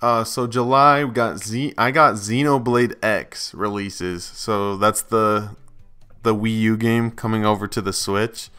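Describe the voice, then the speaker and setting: A man's voice: lowish voice, fairly even intonation, unhurried, sharp tone, smooth, soft background music. A young man in casual gaming chat, agreeable and hesitant with many fillers.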